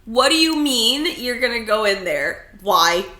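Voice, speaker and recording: A young woman from California co-hosting a podcast, chatting casually with an animated, expressive manner and frequent swearing. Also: a little high, unhurried, reverberant. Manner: animated, swearing, laughing often. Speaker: podcast co-host. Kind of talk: casual chat.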